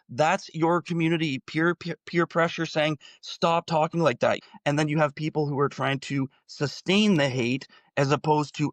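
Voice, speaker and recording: A man's voice: on the high side, fairly bright tone, no echo. A man in his forties giving an impassioned solo commentary, full of rhetorical questions. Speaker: political commentator.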